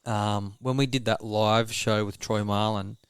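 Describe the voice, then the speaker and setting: Aussie podcast host, casual yarn, swears a lot, smooth clear voice, dry room. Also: male voice, fairly low pitch, steady tone, a little slow, dry recording. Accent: Australian. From Australia. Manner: blunt, swears freely. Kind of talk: casual chat.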